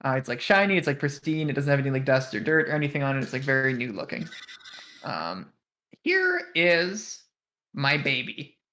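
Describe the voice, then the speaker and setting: A man's voice: mid-range voice, lively intonation, fast talker, a bit bright. A young man narrating a tabletop game as game master, rambling with many fillers.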